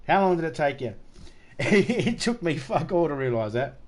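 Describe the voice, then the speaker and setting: A man's voice: fairly high pitch, big pitch swings, moderate pace. A middle-aged man chatting casually during a game stream, joking around, swearing freely and rambling through anecdotes. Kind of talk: casual live-stream chat.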